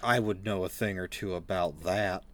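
A man's voice: sits low, fairly even intonation, normal speed, dry recording. A young man co-hosting a podcast, chatting casually in a matter-of-fact way. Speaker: podcast co-host. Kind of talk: casual chat.

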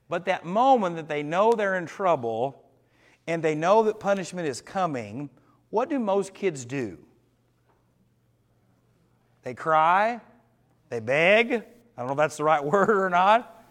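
A man leading an evening Bible study as pastor, earnest, slowing and dropping his voice for emphasis and asking the group questions. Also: a little high, fairly bright tone.

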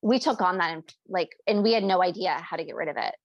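A woman's voice: lowish voice, quick pace, no room sound. A woman co-hosting a casual talk about parenting, chatting freely and acting out little back-and-forth dialogues as she explains. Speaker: podcast co-host. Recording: dry, dull lo-fi sound.

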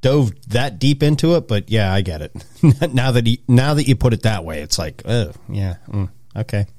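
A man's voice: lowish voice, animated, moderate pace, a little mellow, no room sound, clean studio sound. A man in casual podcast chat, laid-back and reacting with short agreements.

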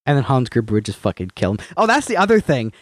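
Animated man on a casual podcast. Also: mid-range voice, fast talker, dry recording, clean studio sound. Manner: animated, swears freely, acts out movie scenes in silly voices. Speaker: podcast co-host. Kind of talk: casual chat.

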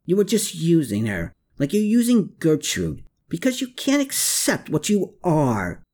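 A man's voice: on the high side, wildly swooping pitch, measured pace, darkish tone, voice pushed up, full character voice. A man reading aloud, voicing a guilt-haunted, defiant man who cries out his lines. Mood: anguished shouting. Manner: crying out, pleading.

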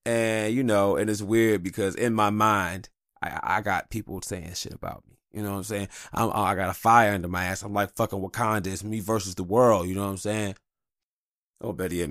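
A man's voice: on the low side, creaky, fairly bright tone, no echo, studio quality. A man hosting a podcast, talking in a candid, rambling, profane monologue. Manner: candid, rambling, heavy swearing. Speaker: podcast host.

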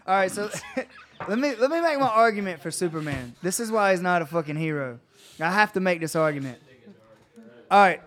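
A high-pitched man making a loud, profane argument during casual podcast banter. He keeps pushing his point as a co-host. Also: lively intonation, a little fast.

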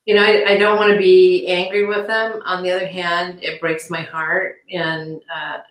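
A middle-aged woman being interviewed, speaking haltingly with many restarts and turning animated when she quotes people. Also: fairly low pitch. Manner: animated when quoting others. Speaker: interview guest, victim's aunt. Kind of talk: conversational interview. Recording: echoey room.

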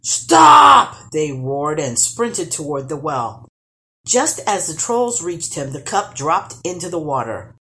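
A woman storyteller reading a children's storybook aloud with expressive, animated narration. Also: sits low, measured pace.

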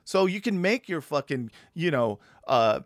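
A man's voice: on the high side, big pitch swings, a little slow, no room sound, clean studio sound. A man hosting a podcast, talking casually, swearing often and laughing easily. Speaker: podcast host.

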